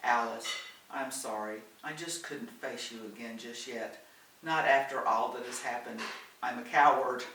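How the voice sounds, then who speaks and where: A man's voice: medium pitch, a little slow, lightly acted. A man voicing an anxious middle-aged mother on a trip abroad, earnest and emotional, recorded far off in a roomy space with faint hiss.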